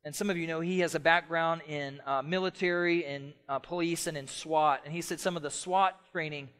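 A middle-aged man preaching a sermon as pastor, passionate, shifting between loud emphatic stretches and soft quiet ones. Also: a little high, steady tone, fairly quick, clear, resonant tone.

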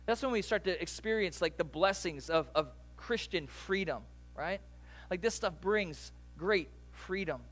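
A man delivers a sermon in a strikingly high voice. He keeps it conversational, dropping casual asides and quick jokes as he talks the congregation through scripture. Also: animated, a bit bright, faint music behind. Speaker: pastor.

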